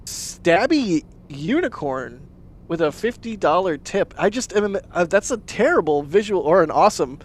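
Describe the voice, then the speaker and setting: A man's voice: sits high, sing-song, normal speed, slight background noise. Chatty man hosting a livestream. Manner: chatty, laughs often, thanks supporters warmly. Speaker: livestream host. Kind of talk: casual livestream chat.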